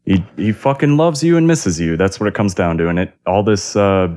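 A man's voice: low voice, a little fast, a little mellow. A man co-hosting a podcast, chatting casually in a sympathetic, laid-back way. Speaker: podcast co-host.

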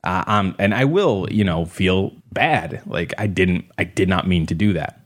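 A man's voice: deep voice, unhurried. A man in a casual podcast chat, blunt and profane, rambling and laughing often. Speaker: podcast co-host.

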